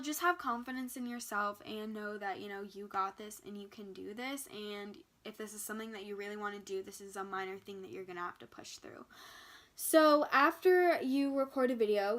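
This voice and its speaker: A woman's voice: mid-range voice, a bit bright. A young woman giving casual advice in a bubbly, chatty way, often saying "like" and "you know". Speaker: vlogger giving modeling tips. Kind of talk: casual chat to camera.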